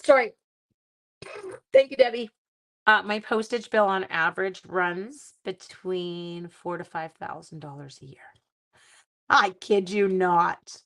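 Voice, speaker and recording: Gravelly woman chatting while crafting. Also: on the low side, slow, sharp tone. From Canada. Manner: chatty, reacts to viewer comments while crafting. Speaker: live-stream crafting host. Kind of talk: casual live-stream chat while card-making.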